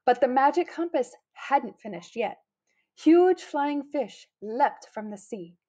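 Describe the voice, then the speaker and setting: A woman reads a children's storybook aloud, her voice bouncing through a very wide range of pitch. She sits a touch above the usual register and gives every sentence an animated lift. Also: takes it slowly, muffled recording. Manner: animated, putting on lively character voices for quotes. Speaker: storybook reader. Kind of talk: children's picture book read-aloud.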